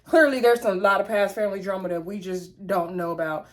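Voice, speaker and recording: A woman's voice: medium pitch, fairly even intonation, a little fast. A woman, casually recapping a reality show episode in a chatty, gossipy way. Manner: chatty, gossipy, acts out the cast's lines.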